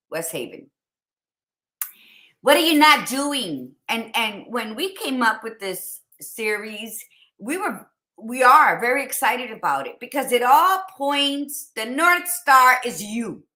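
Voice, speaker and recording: A woman's voice: on the high side, sharp tone. A woman co-hosting a motivational podcast, talking emphatically and repeating her questions for effect. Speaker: podcast co-host.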